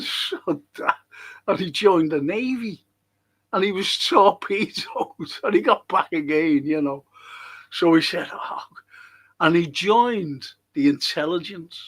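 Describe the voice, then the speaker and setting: A man's voice: a little high, fairly bright tone, poor audio. An older man, co-hosting a casual chat and telling long rambling anecdotes. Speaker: co-host.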